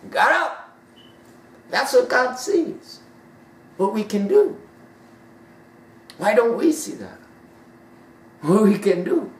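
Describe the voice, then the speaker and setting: A woman preaching a sermon emphatically, swinging from loud high peaks down to hushed drops. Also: sing-song, takes it slowly, pauses often. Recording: roomy sound from a distant mic.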